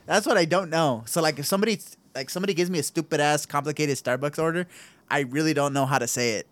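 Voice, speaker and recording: Young man, slightly higher voice, dry sound. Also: fast, no room sound. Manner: laughs often, profane, easily annoyed. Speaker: podcast co-host. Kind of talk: casual chat.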